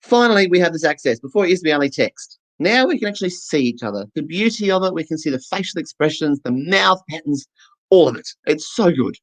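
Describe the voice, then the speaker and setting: A man's voice: fairly high pitch, animated, fast, rough recording. A man doing a stand-up comedy set to camera, chatty and playful, acting out little scenes.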